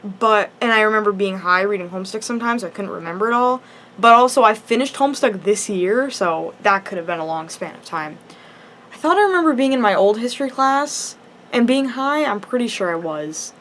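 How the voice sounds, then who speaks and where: A woman's voice: mid-range voice, animated, fairly quick, fairly bright tone, slight background noise. A teenage girl telling a personal story in a casual vlog, rambling and chatty with lots of "like" and restarts. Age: teens. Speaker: high school student.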